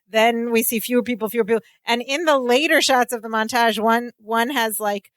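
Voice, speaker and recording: A woman's voice: a little high, fairly bright tone, dry recording, clean studio sound. A woman co-hosting a podcast, chatting casually about a sitcom episode and quoting the characters. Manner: chatty, quick reactions, quotes characters. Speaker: podcast co-host.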